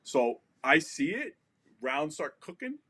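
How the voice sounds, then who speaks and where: On a podcast, a man from the United States in his forties shares a war story in a casual, profane, vivid way, re-enacting what people said. His voice leans high and sing-song, slow, with a sharp tone.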